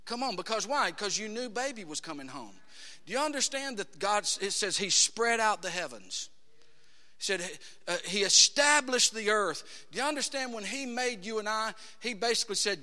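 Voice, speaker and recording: A man delivers a sermon with a high, sharply bright voice, building from talk to shouts. His words ring out with a long reverb, as in a church sanctuary. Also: animated, normal speed. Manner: emphatic, rising to shouts, quotes scripture in acted voices. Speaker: pastor.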